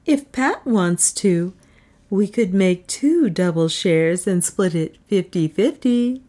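A woman's voice: medium pitch, lively intonation, takes it slowly, dark tone. A woman voicing a cheerful, persuasive young woman with a coaxing way of talking.

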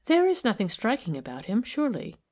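A woman reading the lines of a gentle, quiet woman who asks curious questions in an audiobook. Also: a little high, huge pitch swings, fairly quick, voice pushed up.

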